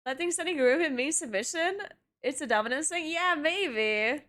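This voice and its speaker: A woman's voice: sits high, lively intonation, normal speed. A young adult woman streaming casually, chatting with her viewers and cooing at her cats, laughing often. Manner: talks to pets in a soft cooing voice, laughs often.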